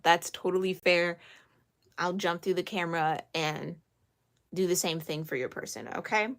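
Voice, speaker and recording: A woman's voice: fairly low pitch, normal speed, creaky. A woman giving a spoken tarot reading to her viewers. She is earnest and emphatic, scolds playfully, repeats phrases to reassure and laughs often. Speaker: tarot reader.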